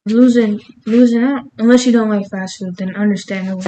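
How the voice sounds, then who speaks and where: A woman's voice: medium pitch, steady tone, fairly quick, dark tone, a little hiss or hum, low-quality recording. A woman cooking in her home kitchen, rambling casually and laughing at herself as she talks through her recipe. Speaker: cooking vlogger. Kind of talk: casual cooking vlog chat.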